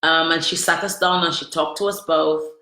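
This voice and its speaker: A woman's voice: deep voice, fairly even intonation, normal speed, sharp tone. A woman telling her personal story to viewers, candid, emotional and confiding. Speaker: vlogger. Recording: roomy echo.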